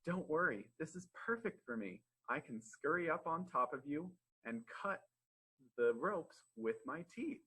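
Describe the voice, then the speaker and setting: A man's voice: fairly high pitch, very animated, a little slow, vocal fry, sharp tone, husky, pitched above the performer's own voice, exaggerated voice, rough recording. A man reading a storybook for children, voicing a small timid male mouse who pleads and then eagerly offers help.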